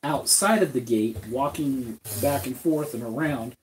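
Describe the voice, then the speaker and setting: Halting man narrating as game master. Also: medium pitch, slight background noise, poor audio. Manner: halting, repeats words while describing scenes.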